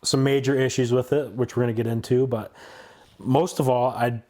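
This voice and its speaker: A young man hosting his own channel, talking through a film review in a casual, blunt way. His voice sits at an ordinary middle pitch, and he stops and restarts often as he works out his opinions. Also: fairly even intonation, normal speed, a little mellow.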